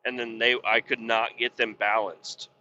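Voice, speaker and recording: A man's voice: medium pitch, level tone, normal speed, bright, forceful tone, muffled recording, slight background noise. A man hosting a podcast, telling a rambling, profane story in casual chat and getting worked up as he acts out arguments. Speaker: podcast host.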